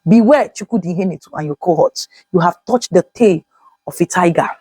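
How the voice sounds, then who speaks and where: A woman's voice: lowish voice, a little fast, mellow, slightly rough, no room sound. A woman vlogger giving impassioned, declamatory commentary, rallying her viewers with repeated phrases. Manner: fiery, declamatory, repetitive rallying.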